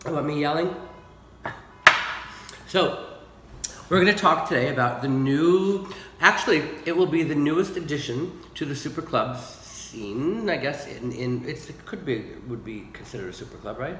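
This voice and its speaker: A man's voice: a little high, expressive, moderate pace, fairly bright tone, echoey room, slight background noise, low-quality recording. A man with a fever co-hosting a casual chat, rambling and restarting his sentences. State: sick with a fever. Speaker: podcast co-host.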